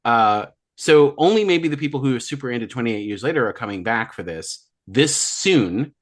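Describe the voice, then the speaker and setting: A man of middling pitch co-hosts a film podcast in casual chat. He rambles through his thoughts, circling back and restarting as he goes. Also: lively intonation, moderate pace. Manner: rambling, many fillers and restarts. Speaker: podcast co-host.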